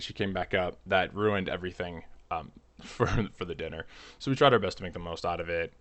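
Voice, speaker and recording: Low-voiced man telling a rambling story. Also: fairly even intonation, a little fast, fairly bright tone, clean tone. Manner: rambling, with many restarts and fillers, nervous. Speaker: channel host. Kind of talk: comic personal storytelling.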